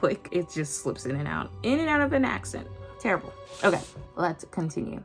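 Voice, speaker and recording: A woman's voice: fairly low pitch, very animated, fairly quick, soft background music. A woman vlogger reading a novel aloud, acting out the characters' lines with drama and breaking off for giggly, rambling asides, with a British accent slipping in and out. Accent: slips into a British accent. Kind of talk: read-aloud with chatty asides.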